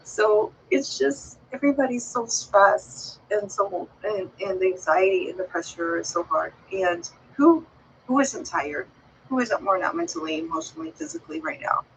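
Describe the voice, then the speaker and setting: A woman's voice: mid-range voice, lively intonation, moderate pace, gravelly, slight background noise, rough recording. A woman vlogger talking to her viewers in a casual, heartfelt way, rambling and earnest as she encourages them.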